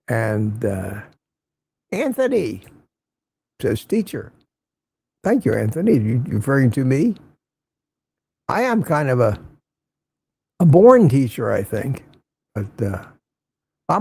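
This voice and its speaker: Gravelly, mellow-voiced male livestream host. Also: on the high side. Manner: chatty, chuckles often, repeats himself. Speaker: livestream host reading viewer chat. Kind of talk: casual morning livestream chat.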